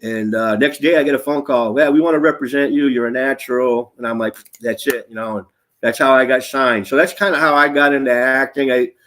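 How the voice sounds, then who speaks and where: Fifties male actor guest, animated raconteur, quotes in voices, salty language. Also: mid-range voice, a little fast. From Nashville area. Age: 50s. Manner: animated storyteller, acts out quotes, swears freely. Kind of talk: casual storytelling interview.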